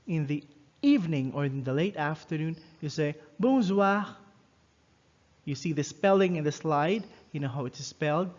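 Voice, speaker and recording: Male teacher, slightly high voice, patient and explanatory, slow repetition for learners; dull lo-fi recording. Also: darkish tone. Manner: explanatory, repeats words slowly for learners. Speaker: French teacher. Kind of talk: recorded online lesson.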